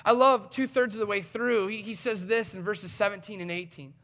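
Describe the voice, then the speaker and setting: A male pastor preaching a sermon in an animated, conversational way with emphatic swings in delivery. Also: high-pitched, fairly quick.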